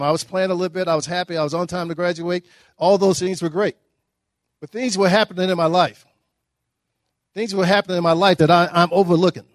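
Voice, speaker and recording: A middle-aged man from Dallas, giving a humorous, animated motivational speech as a guest speaker. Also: high-pitched, no echo, clean studio sound. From Dallas, Texas. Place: breakfast event hall.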